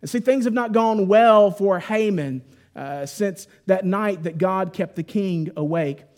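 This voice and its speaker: High-voiced man preaching. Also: a little slow. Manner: conversational and animated, lots of 'like'. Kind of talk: Bible teaching sermon.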